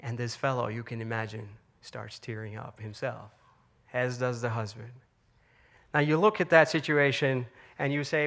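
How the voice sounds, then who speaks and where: A man's voice: mid-range voice, fairly even intonation, normal speed, creaky, fairly bright tone. Man giving an inspirational talk. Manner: storytelling, conversational, frequent fillers. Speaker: speaker.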